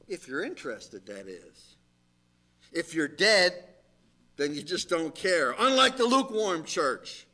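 A middle-aged man preaching a sermon in a fairly high, bright voice. He speaks slowly and emphatically and lifts into shouted exhortations. His delivery is deliberate and unhurried. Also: very animated. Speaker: pastor.

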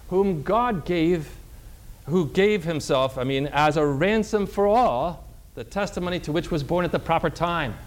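A man preaching a sermon as a Lutheran pastor, reading verses slowly and asking the congregation questions that he answers himself. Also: high-pitched. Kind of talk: sermon teaching from scripture.

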